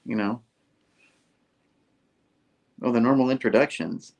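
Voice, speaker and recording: A man's voice: medium pitch, a little slow, vocal fry, a little mellow. A man voicing a young male superhero in a slightly raised, earnest voice while reading a comic aloud. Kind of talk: comic book read-aloud.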